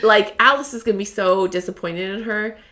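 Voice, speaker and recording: Woman, book podcast co-host; mid-pitched natural voice, chatty recap delivery. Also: a little fast, sharp tone. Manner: chatty, retells the plot with quoted asides. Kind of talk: casual book-recap chat.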